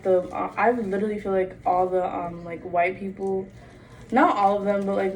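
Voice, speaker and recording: A woman's voice: mid-range voice, a little mellow. A young adult woman vlogging in a casual monologue, blunt and profane, with "like" in nearly every phrase. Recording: distant mic with faint background noise.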